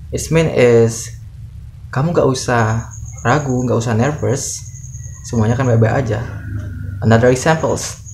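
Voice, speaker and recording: Indonesian-accented man, mid-pitched, teaching English phrases by repeating each one, then translating, faint hiss behind. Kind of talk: bilingual language lesson.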